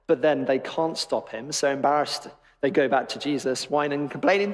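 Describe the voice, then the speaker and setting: A man's voice: mid-range voice, fairly even intonation, brisk. Wry preaching man in reverberant church. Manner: emphatic, wry preaching with acted-out quotes. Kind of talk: sermon. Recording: long reverb of a church hall.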